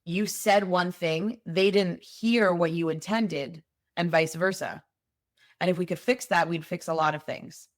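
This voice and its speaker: A woman's voice: on the low side, unhurried, dry recording, studio quality. A woman hosting a solo podcast, talking in a conversational, emphatic way and explaining with everyday examples. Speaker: podcast host.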